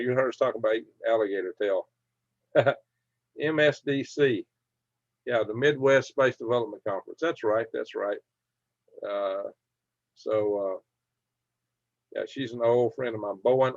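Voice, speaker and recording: A man's voice: medium pitch, no room sound. A middle-aged man hosting a casual livestream, reading viewer comments aloud in a folksy, chuckling way. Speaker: livestream host. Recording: dull lo-fi dry sound.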